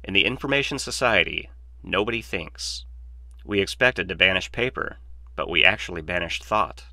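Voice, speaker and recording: A man's voice: deep voice, lively intonation, moderate pace, vocal fry, pushed and bright, no echo, exaggerated voice. A man voicing a glib, opinionated male mathematician in a dry, lecturing, sardonic manner, read as an audiobook. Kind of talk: audiobook reading.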